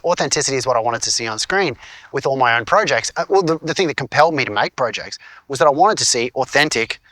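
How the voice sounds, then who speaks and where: A forty-something Australian man talks through his filmmaking in a loose, rambling vlog, full of fillers and restarts. His voice is bright and forceful and his delivery quick. The recording is dry and close, with no room sound. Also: medium pitch, dry recording. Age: 40s. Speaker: filmmaker and teacher. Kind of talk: casual vlog talk.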